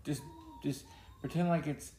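A man's voice: a little high, steady tone, unhurried, mellow. A man co-hosting a casual chat, joking and teasing as he talks. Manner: joking, teasing, Southern "y'all". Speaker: podcast co-host. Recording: echoey room with faint noise.

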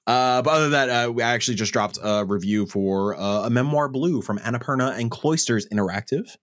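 A man's voice: mid-range voice, normal speed. A man hosting a podcast, reading the intro in a casual way with frequent laughs and stumbles. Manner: animated, laughs often, stumbles over reads. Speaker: podcast host.

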